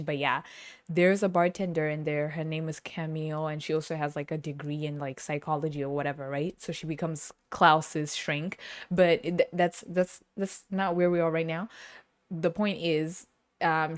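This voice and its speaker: A young woman talks straight to the camera in a relaxed, rambling monologue, with a voice that sits on the low side for a woman. She laughs a lot and slips into quick impressions of the people in her stories. The sound is close and dry, with almost no room around it. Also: no echo. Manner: chatty and animated, laughs often, acts out other people's voices. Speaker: podcast host. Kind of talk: casual storytelling monologue. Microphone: camera on the speaker.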